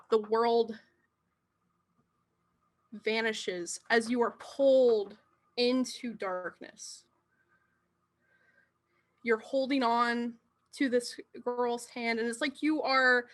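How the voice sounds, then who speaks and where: Slow-speaking woman game master. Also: fairly high pitch. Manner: hesitant, with fillers. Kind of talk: narrating a tabletop game.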